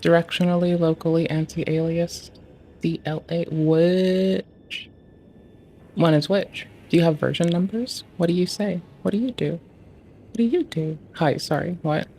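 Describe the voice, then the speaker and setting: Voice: mid-range voice, fairly even intonation, measured pace, darkish tone, slight background noise. A streamer talking casually and swearing freely, muttering to themself and asking the screen questions while fiddling with game graphics settings. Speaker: livestreamer.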